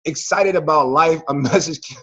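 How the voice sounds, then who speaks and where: A man's voice: on the high side, normal speed, pushed and bright. Slangy hype man on a dull video call. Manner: hyped, slangy, preachy encouragement. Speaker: host of a team call. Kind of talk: motivational talk on a video call.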